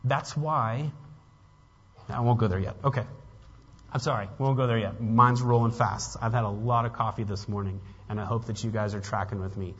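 A man's voice: lowish voice, steady tone, moderate pace, slightly rough. A man preaching a sermon as pastor, earnest and building to emphatic peaks, with casual asides to the congregation. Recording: dull lo-fi with long hall reverb.

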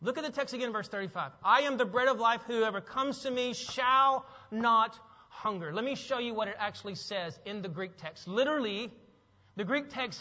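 A man with a very high, bright and forceful voice preaches an emphatic sermon, repeating his phrases and questioning the congregation. His voice rings with long reverb through a church sanctuary. The sound is a little dull. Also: brisk. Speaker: pastor.

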